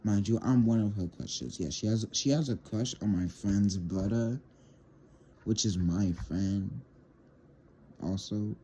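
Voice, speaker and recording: With a fairly low, mellow voice and a slow pace, a teenage boy vlogger tells his viewers a rambling, casual storytime, stumbling and repeating words. Slight background noise is audible.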